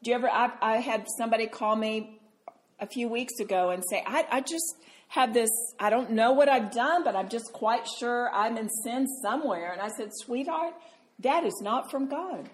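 A woman teaching a Bible study to a group, animated and tender, calling listeners sweetheart. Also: a little high, moderate pace.

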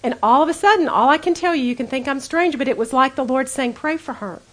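A woman giving a conversational storytelling sermon to women, earnest, dropping to a hush when she acts out her own prayers. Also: high-pitched, fast. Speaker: women's Bible teacher.

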